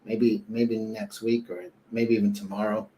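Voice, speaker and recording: A man's voice: fairly low pitch, flat delivery, normal speed, warm tone, slight background noise. A young adult man co-hosting a casual talk show, rambling with lots of fillers. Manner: rambling, fillers, tells jokes with put-on voices. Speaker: co-host. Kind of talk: casual chat.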